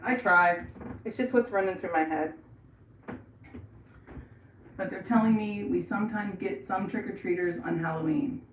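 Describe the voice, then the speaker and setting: A middle-aged American woman rambling through casual livestream chat and reading out viewers' messages while she paints trim in her bathroom. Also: lowish voice. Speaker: livestream host. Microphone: camera set across the room. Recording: echoey room, voice far from mic, faint noise.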